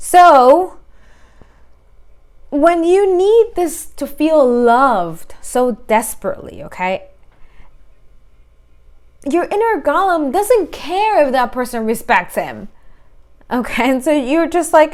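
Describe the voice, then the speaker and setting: Woman, relationship coach, higher voice, blunt and emphatic advice. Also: animated, takes it slowly, pauses often, darkish tone. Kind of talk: direct-to-camera advice talk.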